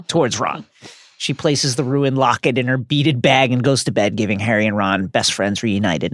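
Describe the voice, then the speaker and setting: On a podcast, a male co-host mixes casual chat with reading book passages aloud, hamming it up theatrically with big pitch swings. His voice is a bit bright, recorded dry with clean studio sound.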